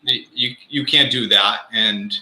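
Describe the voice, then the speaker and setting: A man hosting a live talk show in a casual, animated manner, acting out quotes with some self-mocking humor. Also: lowish voice, measured pace, reverberant, low-quality recording. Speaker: host.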